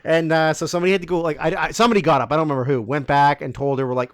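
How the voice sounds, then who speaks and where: Smooth-voiced man, rambling casual chat. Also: a little high, expressive, fast talker, few pauses, no room sound. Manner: rambling, profane storytelling. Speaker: podcast co-host answering listener questions.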